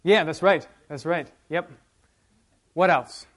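Man leading a lively Bible class. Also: fairly high pitch, slow. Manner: conversational, asks the class questions, reads passages aloud with emphasis. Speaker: Bible study teacher.

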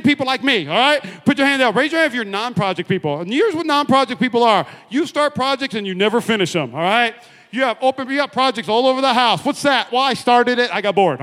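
Pastor guy hyped up, high bright voice, big echoey church hall. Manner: energetic, joking, rallying the crowd with call-and-response. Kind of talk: sermon. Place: large church auditorium.

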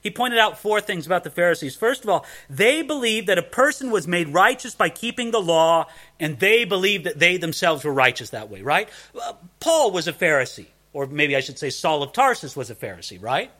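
Animated, high-voiced male preacher. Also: a little fast, hardly any pauses. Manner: animated, conversational, rhetorical questions. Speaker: pastor. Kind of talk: sermon.

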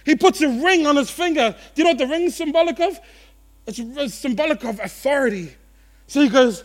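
A man preaching a sermon to his church, animated, acting out the voices of the people in his story. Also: extremely high pitch, fairly quick. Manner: animated, acts out quotes, laughs at own jokes. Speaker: pastor.

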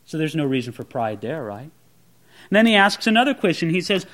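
A male preacher delivers a lively sermon and talks straight to his listeners as friends. His voice sits high and bright, with pitch that rises and falls a lot. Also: fairly quick. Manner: animated, addresses listeners as friends, acts out quotes.

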